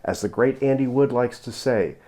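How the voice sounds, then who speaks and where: A man giving a relaxed guitar lesson, counting beats aloud and explaining picking. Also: mid-range voice, moderate pace. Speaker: guitar teacher.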